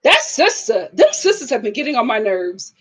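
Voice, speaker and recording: A woman's voice: a little high, moderate pace, husky. A young woman hosting a reality TV review, chatting casually and animatedly, often laughing and acting out what people said. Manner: animated, laughing, acts out quotes. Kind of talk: casual chat.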